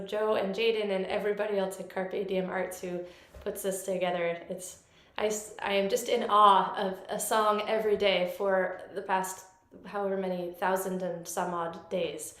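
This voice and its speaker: A woman's voice: mid-range voice, little pitch movement. Woman in an echoey room. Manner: grateful, a little halting with fillers. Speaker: guest song leader. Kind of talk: casual thank-you on a live stream.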